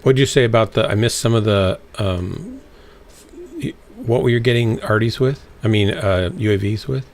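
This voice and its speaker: A man's voice: fairly low pitch, lively intonation, normal speed. A man streaming a mech game, chatting casually and playfully with teammates. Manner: playful, hums and scats while waiting. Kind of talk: casual gaming chat with teammates.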